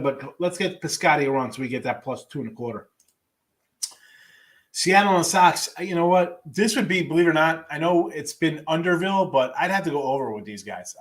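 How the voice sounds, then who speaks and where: Here a man of medium pitch and fairly bright tone runs a sports betting show. He goes over the day's picks loosely and casually, adding dry asides, letting sentences trail before restarting, and keeping an eye on the live chat.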